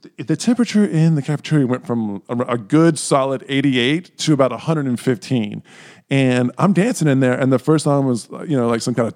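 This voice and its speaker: A young man co-hosting a podcast, telling a story in a casual chat and jumping into high silly voices to act out moments. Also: a little fast. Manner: animated, jumps into high silly voices when acting out moments. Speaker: podcast co-host.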